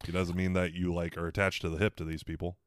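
A man with a very deep voice chimes in during a casual reality show recap, sometimes mocking the cast with quick impressions. The recording is close and dry. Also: flat delivery, smooth, dry recording. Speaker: podcast co-host.

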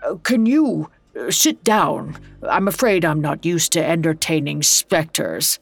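A woman's voice: deep voice, lively intonation, measured pace, gravelly, slightly rough, heavily acted. A woman voicing a miserly, skeptical old businessman who scoffs and brushes things off, in an audio drama reading. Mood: scoffing. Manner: scoffing, stubborn, dismissive.

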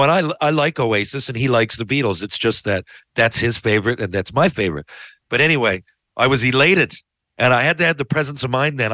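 Middle-aged male podcast host, low voice, loose and profane storyteller, dry close-mic sound. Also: a bit bright, no room sound. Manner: rambling and profane, with many fillers and asides to listeners. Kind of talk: casual storytelling chat. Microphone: podcast studio mic.

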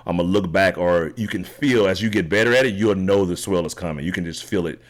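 A middle-aged man as an interview guest, telling a long story in a rambling, animated way and often checking in with "right?". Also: deep voice, fairly quick. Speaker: podcast guest, triathlete.

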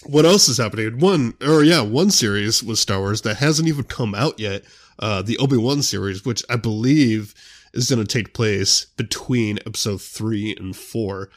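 A young man hosts his own show, talking casually and wandering off on tangents while leaning heavily on "you know." His voice is fairly low and his pace moderate.

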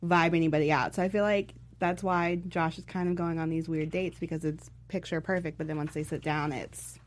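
A woman's voice: deep voice, steady tone, fairly quick. A young woman chatting casually as a podcast co-host, full of "like" and "you know" fillers, with the hiccups. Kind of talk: casual chat.

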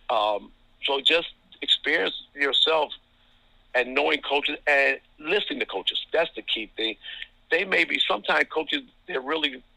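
Bright-voiced referee from Ohio. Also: male voice, medium pitch, creaky, no echo, low-quality recording. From Toledo, Ohio. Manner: chuckling, anecdotal, lots of fillers. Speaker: basketball referee, guest. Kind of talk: casual storytelling interview.

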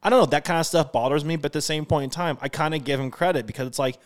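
A man's voice: on the high side, very fast. Swearing, ranting man in his thirties. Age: 30s. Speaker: podcast co-host. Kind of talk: casual chat.

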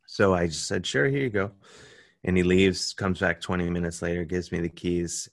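An American man, a comedian guest, telling a story in casual chat and jumping into high voices when quoting people. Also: fairly even intonation, normal speed, no echo, studio quality.

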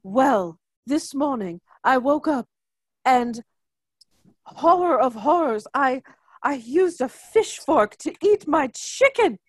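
Woman playing a snooty rich lady, prim and dramatic, high and swoopy. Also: expressive, takes it slowly, breathy edge, no echo, heavily acted. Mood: fretful.

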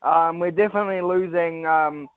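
A man's voice: fairly high pitch, steady tone, moderate pace, clear, resonant tone, no room sound. A man calling a talkback radio show, talking with lots of hesitant ums. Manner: hesitant, many ums, earnest. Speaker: caller. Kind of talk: casual phone-in chat. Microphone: phone. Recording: dry tinny phone line.

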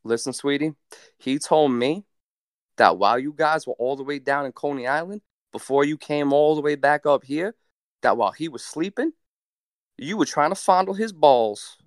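A man's voice: on the high side, normal speed, no room sound, studio quality, close to an everyday voice. A man voicing a sassy, kind female train conductor with a New York accent, who calls people sweetie. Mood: matter-of-fact.

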